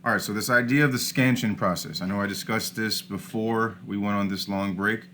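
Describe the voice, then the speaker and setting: Lowish-voiced man lecturing over slides. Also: fairly even intonation, a little fast, fairly bright tone. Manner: explanatory, frequent "all right" and "uh" fillers. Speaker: teacher.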